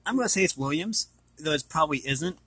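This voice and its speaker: A man's voice: a little high, expressive, quick pace, fairly bright tone, breathy edge, dry recording. A man casually reading an art book aloud and commenting, hesitant and apologetic as he stumbles over names.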